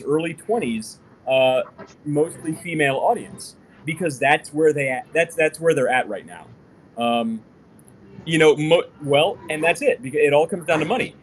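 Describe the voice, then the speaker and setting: A man co-hosting a business podcast in casual chat, talking loosely with lots of fillers and restarts. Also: a little high. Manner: chatty, full of fillers and restarts. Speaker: podcast co-host.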